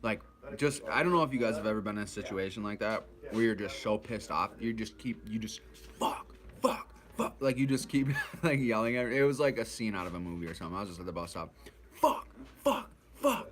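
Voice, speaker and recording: A man's voice: on the low side, quick pace, hardly any pauses, fairly bright tone, a little hiss or hum. A man telling a rambling, profane story about his addiction, acting out the other people's voices. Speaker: vlogger recounting his addiction. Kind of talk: casual storytelling.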